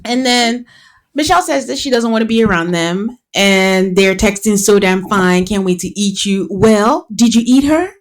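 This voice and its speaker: A woman hosting a podcast, recapping casually in a lively way, acting out quotes and laughing often. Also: medium pitch, moderate pace. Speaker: podcast host.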